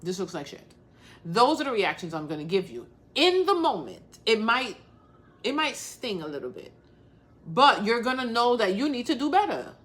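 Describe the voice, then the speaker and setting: A woman's voice: fairly high pitch, very animated, normal speed, a bit bright. A woman hosting a casual crafting livestream, talking bluntly and straight to the point while calling out viewers by name.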